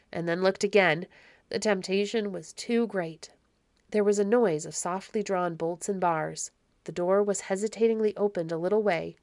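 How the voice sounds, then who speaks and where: A woman narrating a classic children's novel in a measured, even storytelling voice on a close mic. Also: fairly low pitch, no room sound. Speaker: audiobook narrator.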